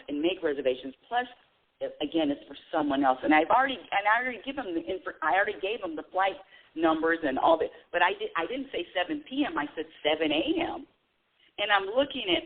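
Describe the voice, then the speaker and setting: A middle-aged woman hosting a spiritual call-in radio show, talking animatedly with frequent laughs and dramatic self-quotes. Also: on the low side. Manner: animated, laughing often, quoting herself dramatically. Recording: tinny phone line.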